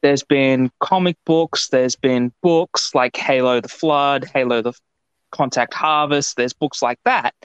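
A man's voice: mid-range voice, measured pace, clear, resonant tone, no echo. A man from Australia, co-hosting a podcast in casual, rambling chat. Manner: rambling, animated storytelling. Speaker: podcast co-host. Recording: dull lo-fi podcast audio.

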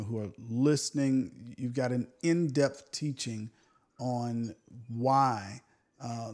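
A man co-hosting a casual Bible discussion, thoughtful and unhurried, with many fillers and restarts. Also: medium pitch, dark tone. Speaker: podcast co-host.

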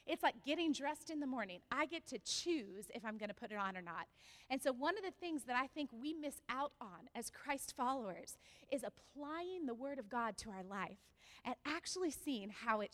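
Bright, high-voiced woman pastor in a hall. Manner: animated storytelling, asks the congregation questions. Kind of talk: sermon with personal story.

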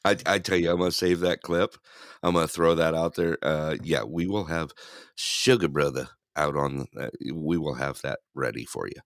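A man's voice: rumbling low, normal speed, dry recording, clean studio sound. A man co-hosting a casual podcast chat who laughs often and keeps repeating his own catchphrases. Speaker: podcast co-host.

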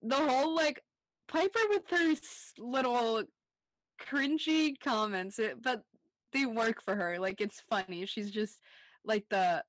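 A woman's voice: on the high side, slow pace, dry recording. Giggly young woman recapping a show. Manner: laughs often, says "like" a lot, recaps scenes. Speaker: podcast co-host. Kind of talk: casual rewatch chat.

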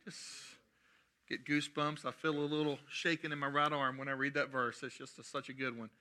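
A man preaching a sermon, animated and mixing in humorous asides. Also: medium pitch, a little fast. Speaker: pastor.

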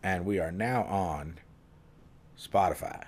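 A man's voice: deep voice, slow pace, a little mellow. A man hosting a podcast in casual, joking, rambling chat. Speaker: podcast host.

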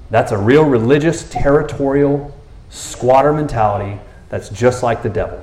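Animated preacher in an echoey hall. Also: male voice, mid-range voice, moderate pace. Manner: animated, jokey storytelling with acted-out dialogue. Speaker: pastor. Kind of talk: sermon. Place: church.

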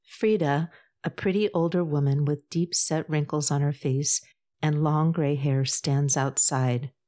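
Narrating an audiobook, a woman with a very low voice delivers a novel at a calm, even storytelling pace. Characters' dialogue is read within her scripted narration.

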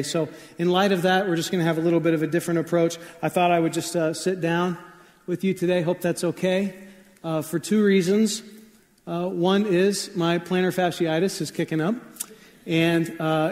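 A man in his forties giving a conversational sermon, telling stories in a relaxed way with fillers and asides. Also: a little high. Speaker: pastor. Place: church sanctuary. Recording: long hall reverb.

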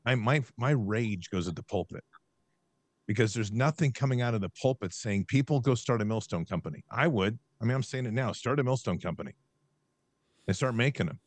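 A man's voice: mid-range voice, fairly quick, no echo. A man hosting a podcast, talking in an impassioned, emphatic rant and reading scripture aloud. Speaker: host.

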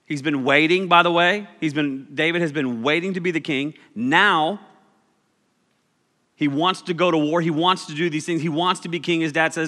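A man's voice: on the high side, normal speed, bright, forceful tone, in a large hall. A man preaching a casual, joking sermon, telling stories with animation.

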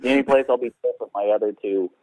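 A man's voice: mid-range voice, very fast, darkish tone, dry recording. A man co-hosting a podcast from his rural house, chatting about a movie in a rambling, swearing way and mocking scenes in put-on voices. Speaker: podcast co-host. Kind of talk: casual movie review chat. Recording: tinny phone-like line, dry.

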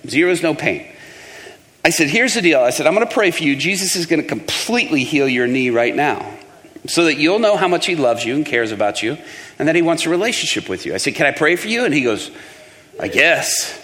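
High bright preacher guy telling a story, does all the voices, hall echo. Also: fast talker. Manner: animated, acts out the voices in his story. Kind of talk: sermon storytelling.

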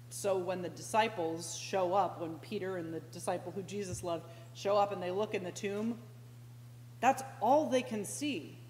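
Slow, reflective woman preaching in an echoey church. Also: mid-range voice. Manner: slow and reflective, with sudden animated outbursts. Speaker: pastoral intern preaching. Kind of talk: conversational sermon. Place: church sanctuary. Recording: echoey church hall with faint hum.

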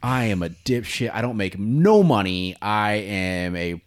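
A man co-hosting a podcast in casual chat, blunt and profane, acting out quotes in high voices. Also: lively intonation, a little slow. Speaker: podcast co-host.

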